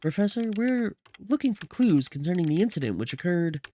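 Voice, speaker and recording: A game streamer reading the lines of a young female police officer, with steady, matter-of-fact questioning. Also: medium pitch, fairly quick, slight background noise, voice pushed up, lightly acted. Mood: businesslike.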